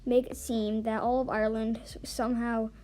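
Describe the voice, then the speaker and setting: A woman's voice: a little high, little pitch movement, moderate pace, warm tone, slight background noise. A woman reading an online forum story aloud, with small stumbles and restarts along the way. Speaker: story reader. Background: faint background music.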